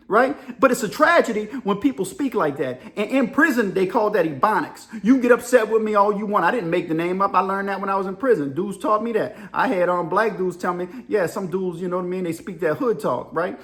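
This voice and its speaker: Man, middle-aged, high-pitched, casual storyteller, animated, mimics voices and sounds. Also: a little fast, hardly any pauses. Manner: animated, acts out voices and sound effects, laughs often. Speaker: storyteller and channel host.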